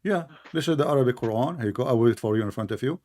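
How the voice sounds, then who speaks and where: A man hosting a heated live debate, arguing sarcastically in non-native English and repeating his points slowly. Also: medium pitch, lively intonation, darkish tone. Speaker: debate show host.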